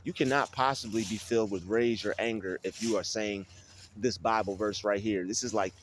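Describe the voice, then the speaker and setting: A man's voice: lowish voice, fairly even intonation, normal speed, a little hiss or hum. A man giving an informal spiritual teaching about Bible verses, talking casually with many restarts and repeated phrases. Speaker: spiritual video creator.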